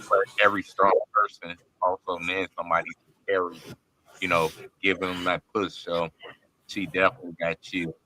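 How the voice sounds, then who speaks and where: Bright-voiced supportive podcast host. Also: male voice, sits low, little pitch movement, moderate pace, a little hiss or hum, rough recording. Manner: encouraging, supportive. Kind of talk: casual podcast talk.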